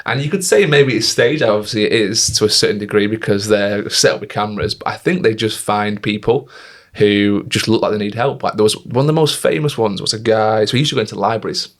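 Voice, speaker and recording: Chatty man, lowish voice. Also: quick pace, fairly bright tone. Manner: chatty storyteller, acts out quoted voices. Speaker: podcast co-host. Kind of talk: casual chat.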